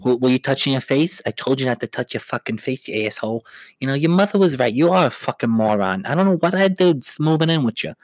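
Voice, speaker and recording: A man's voice: medium pitch, lively intonation, quick pace, dry recording, close to an everyday voice. A man voicing an angry, foul-mouthed husband who berates and curses. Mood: berating. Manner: berating, cursing.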